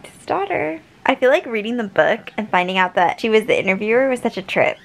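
Gasping, high-voiced woman reacting to a show. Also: expressive, brisk, gravelly, poor audio. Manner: gasping, exclaiming, talking back at the screen. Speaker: reaction vlogger. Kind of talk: emotional reaction commentary.

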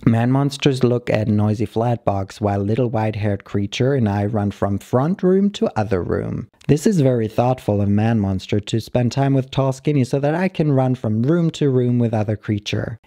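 A man calmly reading a short story aloud, narrating in the halting first-person voice of a dog. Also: medium pitch, no room sound.

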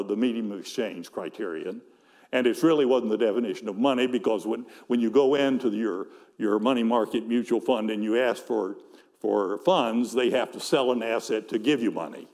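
An older man giving a conference presentation on economics, explaining his slides in a measured way and often repeating words as he goes. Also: mid-range voice, darkish tone, long reverb tail.

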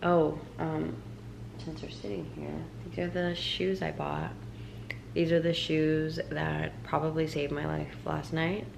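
A woman's voice: sits low, flat delivery, a little slow, gravelly, reverberant, background noise. A young woman vlogging, retelling her story with many fillers. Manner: quiet, subdued retelling. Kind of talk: storytime vlog.

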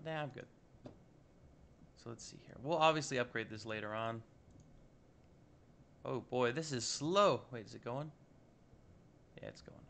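Man, gravelly voice, chatty let's-play commentary, faint hiss and keyboard clicks. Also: mid-range voice, a little slow, pauses often, a bit bright. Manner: chatty, upbeat, talks to himself while building. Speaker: Minecraft modpack let's-play host. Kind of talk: casual gameplay commentary.

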